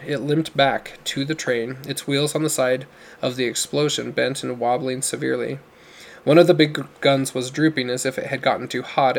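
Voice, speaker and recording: A man reading a novel aloud, unhurried, with occasional slips he corrects. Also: medium pitch. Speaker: podcast reader.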